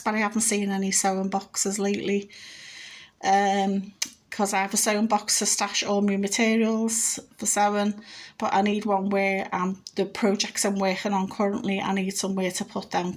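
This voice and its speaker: A woman chatting casually in her home kitchen, showing thrift bargains in an upbeat, rambling way. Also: medium pitch. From Britain. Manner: chatty and upbeat, with many fillers. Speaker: frugal living vlogger. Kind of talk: casual thrift haul chat.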